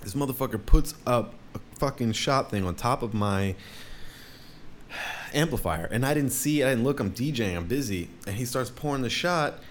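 A young man, a DJ, telling a rambling story in casual talk, swearing often and jumping up in pitch for quoted voices. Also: expressive, normal speed, a little hiss or hum.

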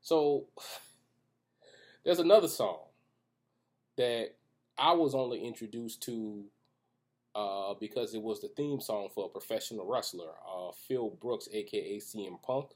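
A man's voice: lowish voice, expressive, a little slow, pauses often, darkish tone. Restless man preaching off the cuff. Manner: loose, joking asides and frequent restarts. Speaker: Christian video commentator. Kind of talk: casual preaching monologue. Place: room with echoey acoustics.

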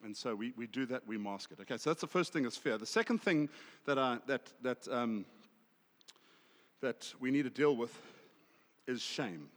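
A South African man preaching a sermon, swinging from loud emphasis to hushed asides. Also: mid-range voice, animated, moderate pace, in a large hall. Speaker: pastor.

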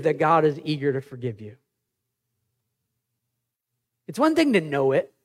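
A man in his thirties, a pastor, preaching a sermon in an animated, conversational way with personal stories. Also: fairly high pitch, fairly quick.

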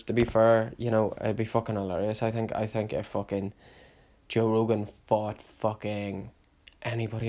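A young man hosting a solo podcast, rambling casually with heavy swearing and sudden loud hype bursts. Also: fairly low pitch. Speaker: podcast host.

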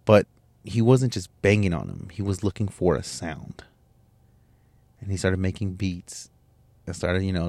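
A man's voice: sits low, lively intonation, measured pace, pauses often, darkish tone, dry recording. A young man hosting a podcast, telling a personal story in a candid, emotional, rambling way with restarts and swearing. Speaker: podcast host.

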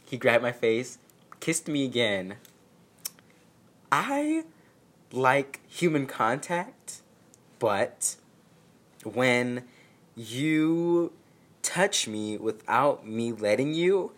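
Very animated and medium-pitched, this vlogger draws out words and leaves long pauses while telling a personal story at home, a dog nearby. The casual vlog is sarcastic and self-mocking, with quotes acted out in exaggerated voices.

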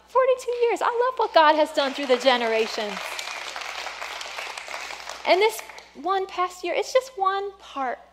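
A woman pastor preaching a sermon in a church, earnest and exhorting, often dropping to a soft hush. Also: high voice, very animated, measured pace, long pauses, a crowd in the background, noisy background. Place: church sanctuary.

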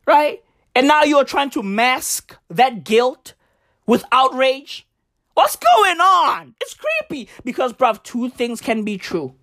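A woman delivering a satirical comedic rant, sarcastic and profane, who keeps tossing in "right?". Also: on the high side.

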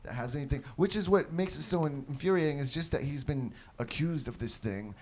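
A man's voice: fairly high pitch, brisk. A man co-hosting a podcast, rambling in crude casual banter and laughing at his own jokes. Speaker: podcast co-host.

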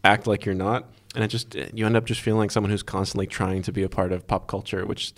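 A man co-hosting a casual podcast, talking in quick, animated rambles with lots of "like". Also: fairly low pitch. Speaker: podcast co-host, magazine writer. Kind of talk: casual chat.

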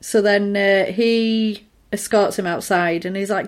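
A chatty woman retells a film plot in casual conversation. She slips into the characters' lines as she goes, animated and quick. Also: medium pitch. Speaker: podcast co-host recapping a film. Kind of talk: casual chat.

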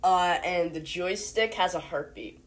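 A young woman with a fairly low voice hosts a playful, homemade mock news show at a measured pace. She rambles and hesitates, filling her speech with fillers.

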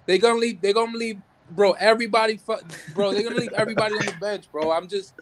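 A man's voice: sits high, fairly even intonation, fast talker, a loud crowd. A man co-hosting a casual sports talk show, ranting in heated frustration, swearing and stumbling over his words. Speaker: podcast co-host.

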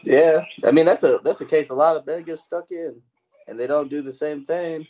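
A man's voice: fairly high pitch, normal speed, darkish tone, rough recording. A young man co-hosting a podcast, talking bluntly and swearing in casual chat. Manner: blunt, swearing, asks questions. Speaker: podcast co-host.

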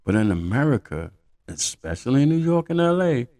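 A man hosting a podcast who delivers a casual monologue with profane, animated storytelling. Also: medium pitch, fairly quick. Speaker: podcast host.

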